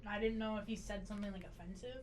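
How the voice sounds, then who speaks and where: A soft-spoken young woman co-hosting a podcast, chiming in quickly during the casual chat. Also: mid-range voice, steady tone. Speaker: co-host.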